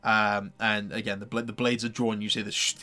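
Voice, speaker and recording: A man's voice: lowish voice, flat delivery, fairly quick, sharp tone. A man running a tabletop game as game master, narrating scenes in a rambling way with lots of restarts. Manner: rambling, full of fillers and restarts.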